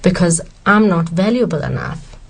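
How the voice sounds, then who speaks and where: 认真的自助书作者，女声偏低. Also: female voice, on the low side, lively intonation, moderate pace, creaky, husky. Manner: emphatic, earnest. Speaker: author answering questions. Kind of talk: earnest self-help Q&A.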